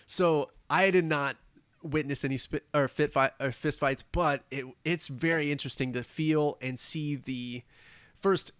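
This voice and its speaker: A man's voice: fairly high pitch, fairly even intonation, unhurried, fairly bright tone, clean tone, dry recording. A man speaking as a podcast guest in casual conversation, earnest and thoughtful.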